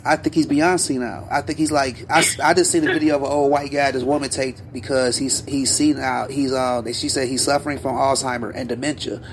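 A man co-hosting a podcast, telling stories in a loose, animated way with plenty of slang and asides. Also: medium pitch, a little fast, few pauses, a little hiss or hum. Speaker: podcast co-host. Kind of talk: casual podcast chat.

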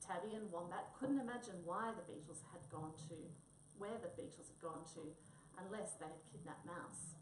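A woman's voice: lowish voice, normal speed, few pauses, a little hiss or hum. A woman reading a children's story aloud, recorded in a roomy space from a distance. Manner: expressive storytelling. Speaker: reader. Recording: roomy, distant mic, faint ambience.

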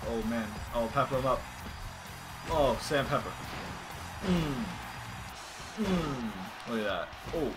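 A young man commenting casually while playing a video game at home, swearing and yelling at the screen. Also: medium pitch, expressive, slow pace, long pauses, music in the background. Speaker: gaming channel host. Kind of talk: casual let's-play commentary. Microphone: desk microphone.

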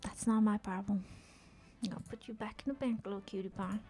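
Soft music plays behind a woman whose medium-pitched, warm voice stays steady and fairly quick. She's live-streaming a game in a casual chat, cursing freely, addressing game characters, and frequently lowering to a whisper.

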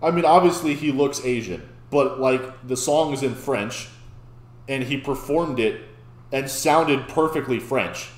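A man hosting a casual reaction video, excitable and often stammering and restarting mid-sentence. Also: mid-range voice, a little slow. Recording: echoey room.

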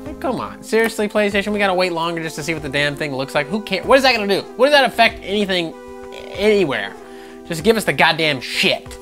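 A man's voice: sits high, lively intonation, quick pace, bright, forceful tone. A man hosting a gaming news vlog, ranting with sarcastic, profane exasperation. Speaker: gaming channel host. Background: background music.

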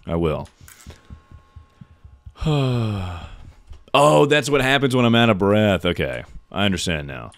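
A young man with a low voice chats through a live game stream. He jokes around, reacts to the game and reads out chat messages. The sound is dry and close. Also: sing-song, takes it slowly, long pauses, no echo. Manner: jokey, reacts to chat and thanks subscribers.

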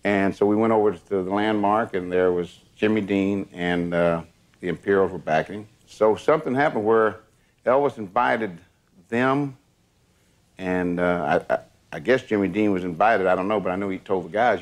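An older man, recalling old times in a plainspoken, steady way. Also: low voice, moderate pace. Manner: plainspoken, steady, fills with "you know". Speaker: former entourage member telling stories. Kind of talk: casual storytelling.

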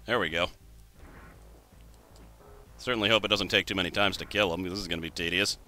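A man's voice: deep voice, steady tone, fairly quick, bright, forceful tone, soft background music. A man in his twenties giving wry gameplay commentary. He thinks aloud and jokes at his own expense. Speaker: let's play host.

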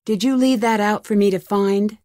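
An actress playing a calm, inquisitive young female detective in a video game, asking steady, polite, probing questions. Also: mid-range voice, normal speed, no room sound, clean studio sound, close to an everyday voice.

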